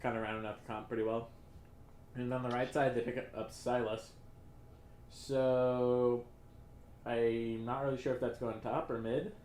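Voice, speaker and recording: A man's voice: medium pitch, a little slow, pauses often, roomy sound, slight background noise. Casual man casting an esports draft. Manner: relaxed, hesitant with many fillers. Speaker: esports caster.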